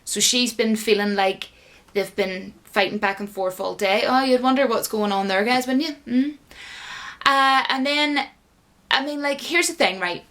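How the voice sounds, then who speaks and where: A woman's voice: a little high, a little slow, fairly bright tone. A woman giving a casual, indignant and sarcastic rant as a commentator, full of fillers. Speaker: YouTube commentator.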